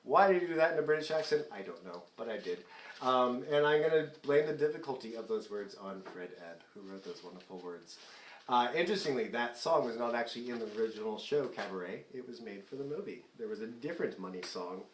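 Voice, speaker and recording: Performing from afar rather than on stage, a man in his forties hosts a fundraising concert, joking about himself between songs and laughing frequently. His mid-range voice is animated and quick, in a reverberant recording with a little hiss or hum.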